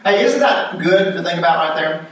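A man's voice: a little high, lively intonation, moderate pace, a bit bright. A man preaching a sermon in a conversational style, acting out quoted lines with rising emphasis. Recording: very echoey room, voice from a distance.

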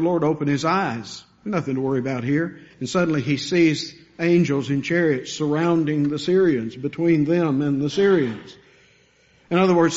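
A man preaching a sermon, animated and rising to emphatic peaks as he builds his points. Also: a little high, muffled recording. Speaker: pastor.

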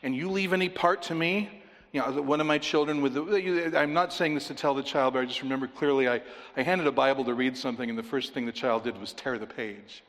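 A man preaching a sermon, emphatic and repetitive, often dropping to a quiet, intense delivery. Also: medium pitch, fast talker, in a large hall. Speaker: pastor.

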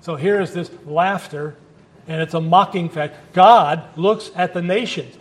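A man's voice: on the high side, measured pace. A male pastor preaching a sermon at a church service in a conversational, emphatic way, with asides to the congregation.

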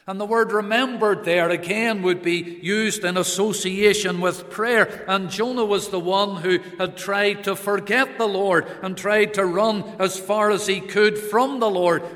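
A man preaching a sermon on prayer, slow and earnest, rising now and then for emphasis. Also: high voice, a bit bright. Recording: long hall reverb.

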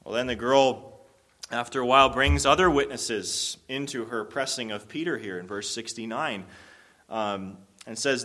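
A man's voice: mid-range voice, normal speed, pushed and bright. A man preaching a sermon, explaining a Bible passage in an earnest, conversational way with frequent restarts. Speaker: pastor.

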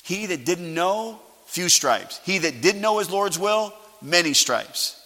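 A male pastor preaching a sermon, calling for amens and swinging from quiet asides to loud emphasis. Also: high-pitched, animated, slow pace. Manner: preaching with call-and-response. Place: church sanctuary. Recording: live church sanctuary with long reverb.

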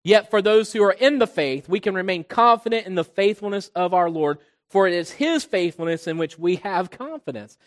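A man with a fairly high voice preaches to his congregation, rising loud on key points and sinking to a hush on others. His voice rings with the long reverb of a large church sanctuary. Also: animated, moderate pace. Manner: preaching, swells loud on key points, drops low on quiet ones. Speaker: pastor. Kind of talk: sermon.

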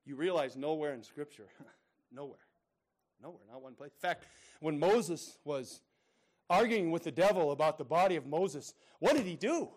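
Man preaching a sermon, fairly high pitch, emphatic, repeats himself, loud then hushed. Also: expressive, normal speed. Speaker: pastor.

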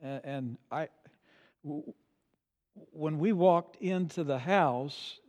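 An older man preaching a sermon as pastor, swinging from soft low asides to loud emphatic peaks. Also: takes it slowly, big-room sound. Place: church sanctuary.

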